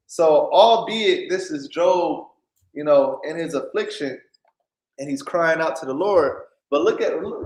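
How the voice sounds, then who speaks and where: A man gives an unhurried, informal sermon in a slightly raised voice, checking in with "right?" after nearly every point. His speech stops and restarts as he builds his thoughts. The room around him is echoey. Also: fairly high pitch. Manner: keeps asking "right?", stops and restarts often. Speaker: preacher. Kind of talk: informal preaching on scripture.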